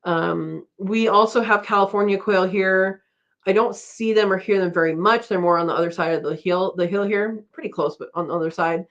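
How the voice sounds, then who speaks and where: A woman's voice: mid-range voice, brisk, fairly bright tone. Chatty woman hosting a live stream. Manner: chatty and rambling, laughs often. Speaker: host of a live chat. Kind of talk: casual live-stream chat reading comments. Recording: dull lo-fi stream audio.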